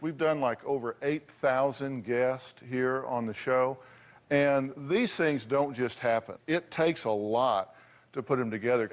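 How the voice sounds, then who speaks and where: A man hosting a talk show, folksy and teasing with his guests. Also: mid-range voice.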